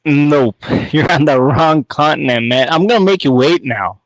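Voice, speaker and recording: A man's voice: a little high, no echo, low-quality recording. A Canadian man with a slightly nasal Canadian accent, calling in for a casual, playful chat. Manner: playful, teasing, drawn-out guessing game. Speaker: caller.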